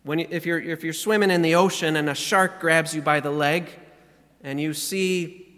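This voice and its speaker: A man's voice: on the high side, steady tone, normal speed, fairly bright tone, big-room sound. A man preaching a sermon as pastor, earnest and emphatic, reading scripture aloud and stressing key words. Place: church sanctuary.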